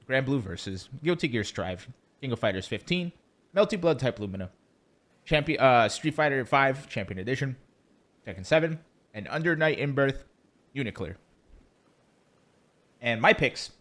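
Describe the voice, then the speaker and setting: A male podcast co-host with a mid-range voice, talking in a loose, joking, chatty way. He rambles with fillers and quick asides as he gives his opinions. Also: mid-range voice, a bit bright. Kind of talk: casual podcast chat.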